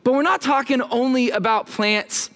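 A man's voice: extremely high pitch, normal speed, a bit bright. A man in his thirties preaching a sermon in a church, casual and joking, talking back and forth with his congregation. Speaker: pastor. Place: church sanctuary.

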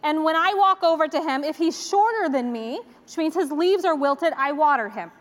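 A woman's voice: high-pitched, expressive, normal speed. A woman in her forties giving a conversational sermon, a chatty, self-deprecating storyteller. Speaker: church speaker. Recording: long reverb of a large hall.

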